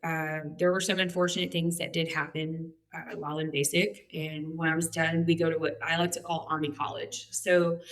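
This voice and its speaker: Woman in her forties, low-ish voice, chatty, joking, fillers, candid story. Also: little pitch movement, moderate pace, hardly any pauses. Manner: chatty and humorous, many fillers. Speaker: guest.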